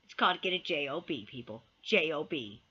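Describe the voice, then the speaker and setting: A woman's voice: low voice, expressive, a little fast, pushed and bright, husky, dull audio. A woman giving a heated opinion rant to camera. She repeats key words for emphasis and sometimes swears. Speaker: vlogger.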